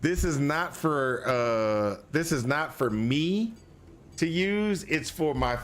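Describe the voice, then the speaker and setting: A man's voice: on the high side, expressive, slow pace. A man streaming a game, giving casual, rambling commentary full of restarts and exasperated exclamations. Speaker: gaming streamer.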